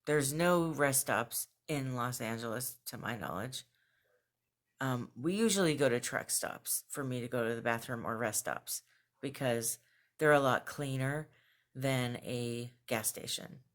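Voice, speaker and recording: A young woman chatting casually in a home video journal, laughing between phrases and getting animated when she quotes herself. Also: rumbling low, unhurried. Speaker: vlogger. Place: at home with her cat nearby.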